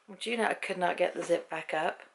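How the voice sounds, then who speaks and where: A woman's voice: on the low side, quick pace, vocal fry. A British woman telling a story at home in a casual vlog, chatty and laughing often as she acts out what people said. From Britain. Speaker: vlogger.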